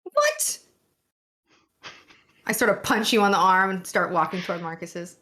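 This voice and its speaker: A woman playing a tabletop game, eager and quick with her character's actions. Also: lowish voice, steady tone, bright, forceful tone. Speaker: player. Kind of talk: casual tabletop play.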